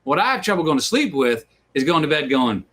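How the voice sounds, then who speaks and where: Animated storytelling man, slightly high voice. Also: fairly quick. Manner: animated storyteller who acts out quoted voices. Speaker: interview guest. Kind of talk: casual conversation.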